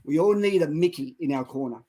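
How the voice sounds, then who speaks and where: A middle-aged man co-hosting a Christian show, preaching with dramatic retellings that build to loud exhortations. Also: fairly high pitch, a little fast, low-quality recording. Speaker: co-host of a Christian online show. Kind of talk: impassioned preaching and storytelling.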